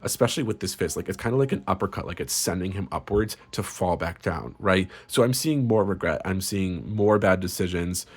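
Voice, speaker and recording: A man's voice: deep voice, lively intonation, brisk, few pauses, husky. A man giving a casual tarot reading in a crude, sarcastic and gleefully spiteful way. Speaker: tarot reader.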